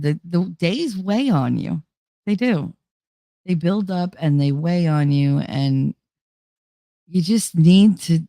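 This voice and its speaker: A woman's voice: sits low, a little mellow, no echo, clean studio sound. A woman hosting a casual livestream chat, talking candidly and confidingly, swearing freely and laughing often. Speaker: livestream host.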